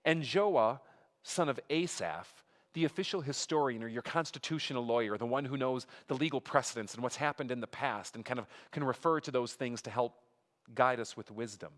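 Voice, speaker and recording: A man's voice: medium pitch, brisk, a bit bright. A man giving a conversational sermon as a pastor, reading scripture aloud with emphatic rises and making asides to the congregation. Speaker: pastor teaching a Bible study. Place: church sanctuary. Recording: long reverb of a hall.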